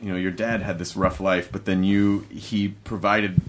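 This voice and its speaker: A man's voice: low voice, level tone, moderate pace, noisy background. A man hosting a casual interview, asking questions and joking along, swearing freely. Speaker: podcast host.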